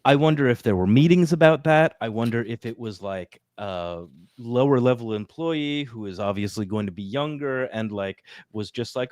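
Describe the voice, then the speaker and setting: A man's voice: mid-range voice, moderate pace, few pauses, darkish tone, dry recording. A man hosting a podcast in casual chat, rambling along with plenty of fillers. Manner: chatty, rambling with many fillers. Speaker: podcast host.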